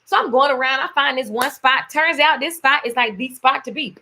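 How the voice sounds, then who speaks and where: A woman's voice: high voice, a little fast, vocal fry, bright, forceful tone, a little hiss or hum. A woman vlogging in a casual, playful storytelling way, often laughing and slipping into voices for quotes. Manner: laughs often while talking. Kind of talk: casual storytelling and motivational talk.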